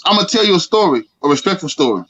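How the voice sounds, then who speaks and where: A man's voice: sits high, very animated, quick pace, a bit bright, husky, highs cut off. A young man hosting a casual panel, speaking in a fiery, emphatic way and repeating his points. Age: young adult. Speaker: host.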